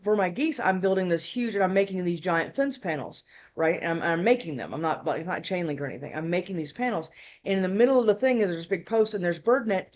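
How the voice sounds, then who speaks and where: A tarot reader telling a story in a casual, rambling chat, full of fillers and tag questions. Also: medium pitch.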